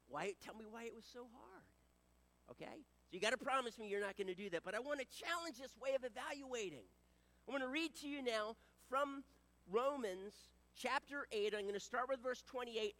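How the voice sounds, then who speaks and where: A man preaching a sermon as pastor, earnest and exhorting, going soft in prayer and loud for emphasis. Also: high voice. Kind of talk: sermon with scripture reading and prayer.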